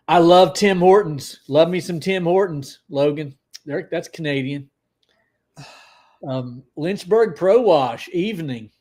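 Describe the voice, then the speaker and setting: Male livestream host, slightly high voice, casual, excitable, greets chat by name. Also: takes it slowly, long pauses.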